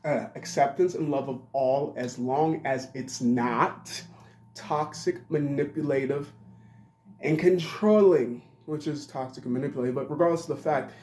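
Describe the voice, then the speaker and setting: A man's voice: medium pitch, a little mellow, slight background noise. A man in his twenties giving a rambling monologue, blunt and profane. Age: 20s. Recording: roomy echo.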